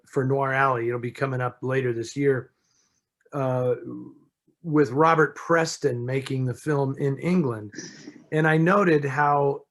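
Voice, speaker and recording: A man answering listener questions as a film expert in a relaxed, conversational way, often restarting and saying "you know". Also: a little high. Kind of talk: casual chat.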